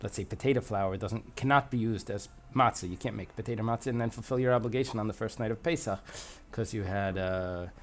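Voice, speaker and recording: A man's voice: on the low side, brisk, hardly any pauses, slight background noise. A man teaching a Talmud passage, reading Aramaic phrases aloud and translating them as he thinks aloud. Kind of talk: explanatory lesson.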